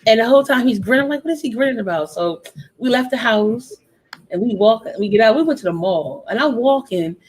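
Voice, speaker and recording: A woman on a casual talk show telling an animated, profane story full of acted-out quotes. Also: a little high, brisk, slightly rough. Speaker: guest storyteller. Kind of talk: casual chat.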